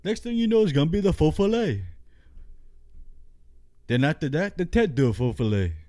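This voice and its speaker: Comic Cajun bayou man, pitched high, indignant and exasperated, put on by a man. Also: big pitch swings, normal speed, dark tone, no room sound, clean studio sound.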